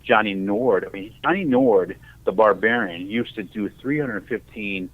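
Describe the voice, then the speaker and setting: A middle-aged man from Ohio telling rambling, animated stories as a podcast guest, often acting out what people said. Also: lowish voice, measured pace, no echo. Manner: rambling, animated, acts out quoted dialogue. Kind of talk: casual storytelling. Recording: tinny phone-like audio.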